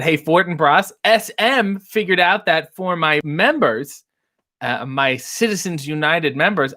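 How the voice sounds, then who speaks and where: A man's voice: on the high side, bright, forceful tone. Playful, theatrical man hosting a livestream. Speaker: livestream host. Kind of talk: casual chat reading live comments. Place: home set with ring light. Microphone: desk microphone.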